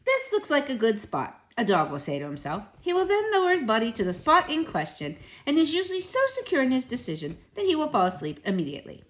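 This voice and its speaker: A woman reading a children's book aloud, gentle and chatty with young listeners. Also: on the high side, huge pitch swings, fast talker, few pauses. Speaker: children's story reader.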